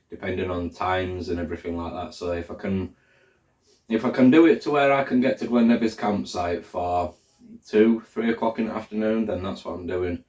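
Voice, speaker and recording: A deep-voiced man chats casually to camera, rambling and thinking aloud with lots of fillers. He sounds set back from the mic in an echoey room. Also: a little mellow, distant mic. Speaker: hiker vlogger. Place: indoors, room where he is drying socks under a fan.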